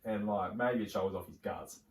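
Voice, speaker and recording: A young Australian man with a fairly low voice co-hosts a podcast, talking fairly quickly as he tells long, rambling stories in casual chat full of fillers and restarts. He's recorded on a roomy, distant mic.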